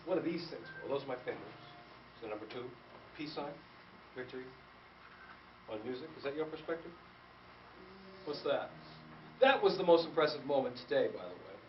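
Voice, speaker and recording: A man guest-conducting a school band rehearsal, giving lively feedback and firing rhetorical questions at the students. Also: medium pitch, a little fast, pauses often. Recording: distant echoey room recording, dull, noisy.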